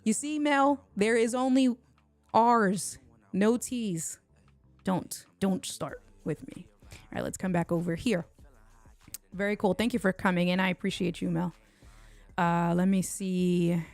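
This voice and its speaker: A woman's voice: medium pitch, fairly even intonation, measured pace, pauses often, darkish tone, dry recording, soft background music. A woman from Puerto Rico hosting a casual livestream unboxing at home, chatting and bantering with viewers in the chat. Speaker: tech livestream host.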